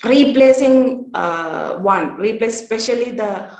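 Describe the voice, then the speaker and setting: A woman giving an academic workshop presentation at a conference. She speaks in a measured way, often pausing on "uh" and "um". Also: a little high, expressive, darkish tone. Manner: measured, with frequent "uh" pauses. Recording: roomy echo.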